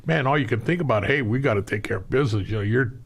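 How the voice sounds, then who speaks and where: A man's voice: medium pitch, racing, slightly rough. An older man, a veteran guest, telling war stories in a casual talk and acting out the voices of people he quotes. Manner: animated storyteller, acts out the voices of people he quotes. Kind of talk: casual storytelling on a talk show.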